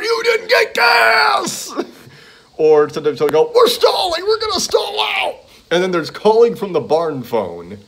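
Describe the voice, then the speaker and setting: A man of ordinary pitch talks casually through a list of comedy tracks. He rambles, trips over titles and fills gaps with ums and uhs. He chuckles now and then as he goes. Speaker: fan reviewing comedy CDs. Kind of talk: casual monologue listing tracks.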